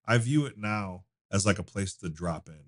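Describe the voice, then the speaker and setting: A man's voice: lowish voice, expressive, moderate pace. A man in his thirties, a donut shop owner, talking casually as a podcast guest with loose storytelling full of fillers and restarts. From United States. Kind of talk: casual conversation.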